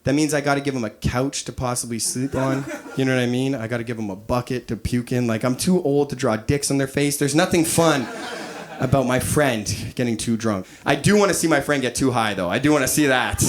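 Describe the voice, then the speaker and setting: A man in his thirties performing a crude, animated stand-up comedy set on a club stage, acting out quoted voices. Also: medium pitch, fairly quick. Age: 30s. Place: comedy club stage before a laughing audience.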